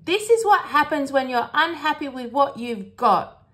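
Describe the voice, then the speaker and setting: A calm mother dog who is patient but gently firm, as a woman reading aloud puts her on. She talks sensibly to her pups in a children's storybook. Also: high-pitched, measured pace, pitched above the performer's own voice.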